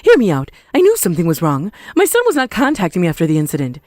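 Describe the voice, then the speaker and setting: A woman voicing a pushy older woman, a scheming ex-mother-in-law who blames everyone else, with shrill, indignant outbursts. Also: huge pitch swings, quick pace, darkish tone, no room sound, clean studio sound, soft background music. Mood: pleading. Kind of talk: dramatized story voice acting.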